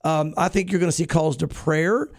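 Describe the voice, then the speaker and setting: Brief: man, pastor and host, high pitched voice, dry close sound, preachy emphatic commentary. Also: fairly even intonation, moderate pace, no room sound. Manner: emphatic, preachy, with frequent restarts. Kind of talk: news reading and opinion commentary.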